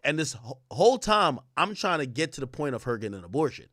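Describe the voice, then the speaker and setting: Young man, podcast host, casual storytelling, animated and profane, fairly high voice, dry close sound. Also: fast talker, no room sound. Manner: profane, animated, quotes others in his own voice.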